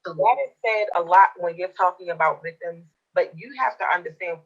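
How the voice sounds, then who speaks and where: Earnest, low-voiced woman explaining. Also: fairly quick, lo-fi sound. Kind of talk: talk show discussion.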